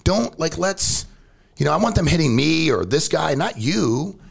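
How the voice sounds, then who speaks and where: A man's voice: unhurried, gravelly, slightly rough. A man in casual conversation as a podcast guest, blunt and direct, telling stories and pushing his point hard. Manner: blunt, animated, jumps pitch for emphasis. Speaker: company CEO, podcast guest. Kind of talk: casual storytelling chat.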